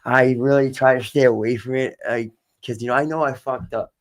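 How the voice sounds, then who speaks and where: A man's voice: medium pitch, steady tone, fairly quick. Candid rambling man with a Boston accent. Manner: candid, rambling, swears, repeats himself. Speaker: podcast guest. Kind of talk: casual storytelling.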